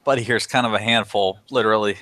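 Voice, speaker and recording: A man's voice: lowish voice, steady tone, rapid-fire, pushed and bright, dry recording, pitched below the performer's own voice. A man voicing a wary, cornered young man. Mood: guarded. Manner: guarded, dry and uneasy.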